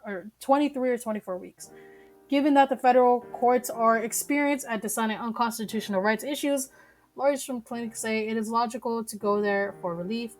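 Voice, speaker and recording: A woman's voice: a little high, darkish tone. A young woman reading news articles aloud on a live stream, stumbling over words and breaking in with blunt, profane rants.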